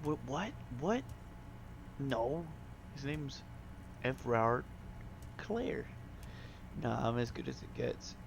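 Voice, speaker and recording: Man playing a crude sullen detective, casual, mumbling, average pitch. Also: very animated, slow pace, creaky, long pauses, slight background noise, heavily acted. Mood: grumpy. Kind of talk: fan voice acting of a game.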